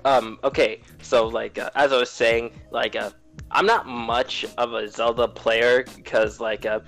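A man's voice: mid-range voice, little pitch movement, measured pace, gravelly, fairly bright tone, faint music behind. Rambling gamer guy with endless fillers. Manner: rambling, heavy on fillers and swearing. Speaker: podcast co-host. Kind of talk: casual gaming chat.

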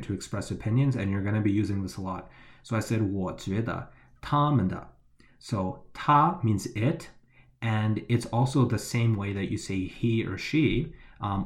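A man explaining Mandarin grammar to learners, patiently repeating the key points. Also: lowish voice. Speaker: language teacher.

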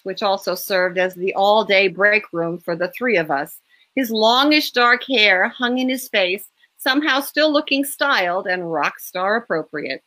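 A woman author reading a first-person scene from her own novel, expressive and lively. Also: medium pitch, unhurried.

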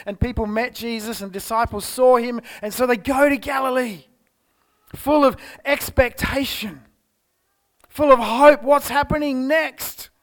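A man with an Australian accent preaching a church sermon, telling the story expressively and moving between loud exclamations and hushed tones. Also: very high voice. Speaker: pastor. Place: church service.

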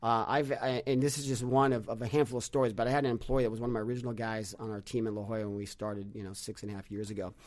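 Animated male storyteller, many restarts. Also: lowish voice, racing, few pauses. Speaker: podcast guest, business leader. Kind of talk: casual conversational storytelling.

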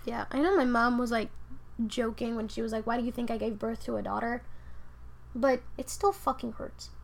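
Animated, foul-mouthed young woman. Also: a little high, normal speed, gravelly. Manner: animated, profane, laughing rants. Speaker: podcast co-host. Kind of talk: casual late-night chat.

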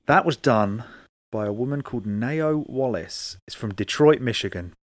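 A man from England co-hosting a casual podcast, animated, swearing casually and mimicking voices. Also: mid-range voice, moderate pace, no room sound. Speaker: podcast co-host. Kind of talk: casual chat.

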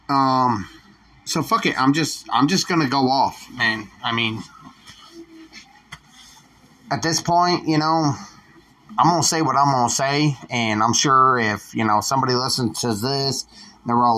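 A man's voice: medium pitch, bright, forceful tone. A man hosting a solo podcast, ranting bluntly with heavy swearing. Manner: profane, blunt, defiant. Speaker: podcast host. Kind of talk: solo opinion rant.

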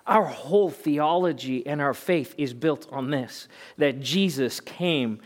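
A man's voice: on the high side, slow. A male pastor preaching a sermon in an emphatic, conversational way, asking rhetorical questions.

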